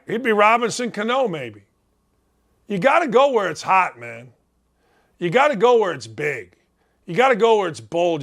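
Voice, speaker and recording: A man in his late fifties hosting a sports talk show, ranting bluntly and combatively, hammering his points and breaking into shouts. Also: high voice. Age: 50s. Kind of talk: sports talk radio rant.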